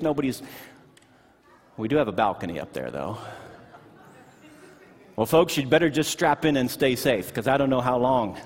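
A middle-aged man preaching a sermon in a church, telling stories with animated energy that drops to hushed tones. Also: medium pitch. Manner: animated storytelling, shifting from excited to hushed. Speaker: pastor. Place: church sanctuary. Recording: long hall reverb.

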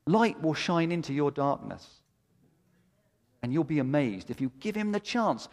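A man's voice: fairly high pitch, very animated, unhurried, darkish tone. A middle-aged male pastor preaching a sermon with impassioned, emphatic delivery and repeated phrases that build to peaks. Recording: long hall reverb.

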